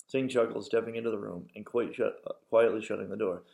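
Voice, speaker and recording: A father reading a novel aloud to his children, steady with occasional slips and self-corrections. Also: fairly low pitch, fast talker, creaky, hardly any pauses.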